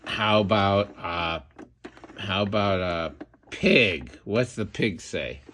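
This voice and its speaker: A man's voice: sits low, slow, fairly bright tone, slight background noise. An older man and grandfather, teaching a small child at home in a playful, sing-song way and often repeating himself. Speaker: grandfather host.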